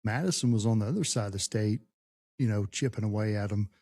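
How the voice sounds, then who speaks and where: A man's voice: lowish voice, fast, warm tone, dry recording, studio quality. A middle-aged man hosting a podcast, reminiscing in a folksy, rambling way and asking his guest questions. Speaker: podcast host. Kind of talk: casual podcast conversation.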